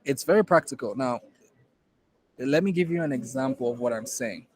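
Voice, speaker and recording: A man's voice: mid-range voice, lively intonation, normal speed, darkish tone, rough recording. A man with a Nigerian accent teaching a class in an emphatic way, repeating key points to drive them home. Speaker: innovation program instructor. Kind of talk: classroom lecture.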